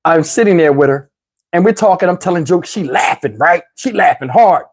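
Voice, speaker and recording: A middle-aged man telling a comic story, animated, with loud outbursts while acting out quotes. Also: high-pitched, fairly quick. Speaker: comedian. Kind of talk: stand-up storytelling.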